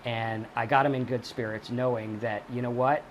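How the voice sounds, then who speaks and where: A man talks straight to the camera with blunt, profane advice, circling back to the same points again and again. His voice sits at an ordinary pitch for a man. A faint hiss of background noise runs under the recording. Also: steady tone, normal speed. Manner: blunt, profane, emphatic, repeats key points. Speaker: recovery channel host. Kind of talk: direct-to-camera advice monologue.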